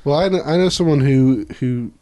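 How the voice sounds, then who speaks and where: A man's voice: medium pitch, normal speed, warm tone. A man co-hosting a music podcast, chatting casually and dropping dry, teasing remarks.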